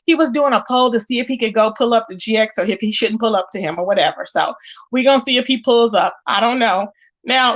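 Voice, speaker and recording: Sassy high-voiced woman spilling gossip. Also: a bit bright. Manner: sassy, emphatic, rhetorical questions to viewers. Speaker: commentary channel host. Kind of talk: casual gossip commentary.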